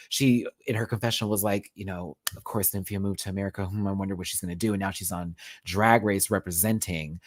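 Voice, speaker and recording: A man hosting a live review stream, talking casually and sassily, swearing a lot, slipping into campy impressions and reading out viewer chat. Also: fairly low pitch. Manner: sassy, animated, swears often, slips into campy impressions; reads out and answers viewer chat.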